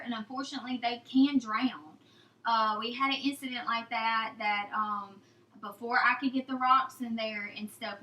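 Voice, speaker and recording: A woman's voice: fairly high pitch, bright, forceful tone, reverberant, a little hiss or hum, low-quality recording. A young woman, chatting folksily through a how-to on raising chicks for her homestead channel, calling viewers "y'all" and "guys". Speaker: homesteading vlogger. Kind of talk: casual how-to talk.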